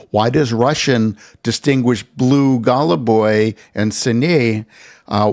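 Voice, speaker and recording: A man, an author, explaining his book in a scripted philosophical talk with dry, measured delivery and wry asides. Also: medium pitch.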